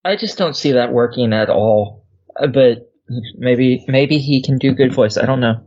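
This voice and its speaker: A man's voice: mid-range voice, normal speed, darkish tone. A man co-hosting a casual gaming podcast, reacting with disbelief and plenty of swearing. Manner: incredulous, swears a lot. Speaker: podcast co-host. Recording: dull lo-fi audio.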